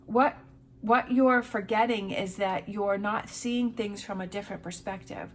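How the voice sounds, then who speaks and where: A woman talks through a tarot reading in a relaxed, reassuring way, circling back to the same encouraging phrases. Her voice sits at an ordinary middle pitch. A faint noise runs under the recording. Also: unhurried. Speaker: tarot reader.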